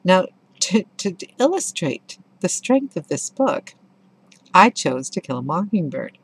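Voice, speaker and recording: A woman's voice: lowish voice, sing-song, a little slow, slightly rough. A middle-aged woman giving a casual spoken book review, telling stories with enthusiasm and expression.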